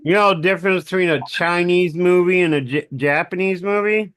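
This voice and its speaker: A man's voice: sits high, a little fast, fairly bright tone, smooth. A man in a casual chat, cracking dry jokes. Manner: joking, dry one-liners.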